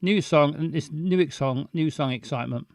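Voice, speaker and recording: Guy chatting on his stream, says hi to everyone by name, kinda high voice, dry sound. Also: normal speed, dry recording. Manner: rambling, greets viewers by name, self-correcting. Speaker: live-stream host. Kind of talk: casual live-stream chat.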